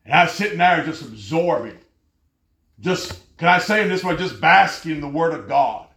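A man's voice: a little high, lively intonation, moderate pace, vocal fry. Fervent preacher man, echoey hall. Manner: fervent, storytelling, rising to loud exclamations. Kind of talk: sermon.

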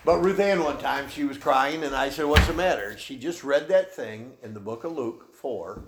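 In a church room, a pastor teaches the Bible in a folksy, conversational style, taking questions from the people present. He speaks at a moderate pace with a medium pitch, and the room sounds echoey with faint background noise.

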